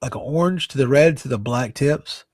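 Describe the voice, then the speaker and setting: Man, casual podcast co-host, loose rambling delivery, mid pitch, dry booth sound. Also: moderate pace, no echo. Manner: rambling, swears freely, many fillers. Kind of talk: casual late-night chat.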